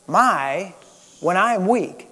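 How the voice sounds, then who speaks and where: A male pastor delivers an earnest sermon in a noticeably high voice. He lifts his voice for emphasis, then sinks low and quiet to drive a point home. The sound carries a long reverb from the church hall. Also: lively intonation, drawn-out words. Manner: earnest preaching, rising and dropping to soft emphasis. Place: church sanctuary.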